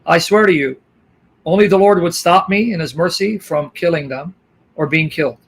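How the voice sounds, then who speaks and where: A man with a high voice gives outraged commentary. He reads translated lines aloud and breaks in with indignant remarks between them. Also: moderate pace, fairly bright tone, a little hiss or hum. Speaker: host. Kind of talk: reading subtitles and commenting on a clip.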